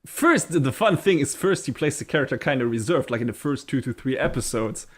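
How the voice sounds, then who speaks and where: A man's voice: medium pitch, animated, fairly quick. A man co-hosting a podcast, chatting enthusiastically, laughing often and swearing casually. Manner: frequent fillers and restarts. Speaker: podcast co-host. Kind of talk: casual chat.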